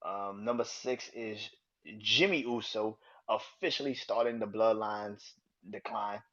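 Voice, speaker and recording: A man hosting his own podcast, ranting angrily and swearing, jumping from loud outbursts to low mutters. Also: a little slow. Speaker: podcast host. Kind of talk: casual solo podcast rant. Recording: dull lo-fi sound.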